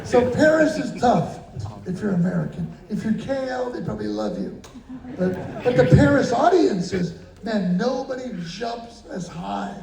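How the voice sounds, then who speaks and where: A man's voice: extremely high pitch, big pitch swings, measured pace, gravelly, reverberant, crowd noise. A man answering an audience's questions in a casual, jokey way, acting out voices and drum sounds as he tells stories, recorded from a distance in an indoor venue. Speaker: guest drummer answering questions. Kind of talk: casual storytelling Q&A.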